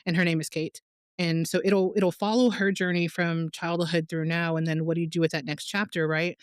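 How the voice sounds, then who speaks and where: A woman's voice: moderate pace, clear, resonant tone, no echo. A woman documentary filmmaker in a casual interview, telling stories animatedly and acting out quotes. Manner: animated storyteller, acts out quotes with big pitch jumps.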